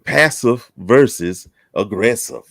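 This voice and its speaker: A very deep-voiced man hosts a relaxed chat show, greeting people with folksy teasing. His voice swings up and down a lot, and the sound is dry and close. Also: slow, gravelly, no room sound. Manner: folksy, teasing, drawling southern talk. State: out of breath. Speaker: host. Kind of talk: casual chat show welcome.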